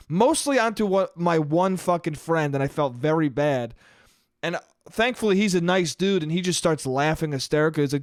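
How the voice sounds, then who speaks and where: A man's voice: a little high, no echo, clean studio sound. A man hosting his own podcast, telling a comic story alone, with lots of swearing and self-mockery. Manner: profane, animated, self-mocking. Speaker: podcast host. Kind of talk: solo comedic storytelling monologue.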